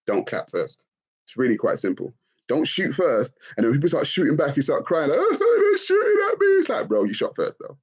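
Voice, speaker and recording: Guy ranting on a live stream, husky voice, pitch all over, kinda dull lo-fi sound. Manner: expressive, mocking, swings into shrill put-on voices. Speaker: livestream host. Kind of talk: animated live-stream rant.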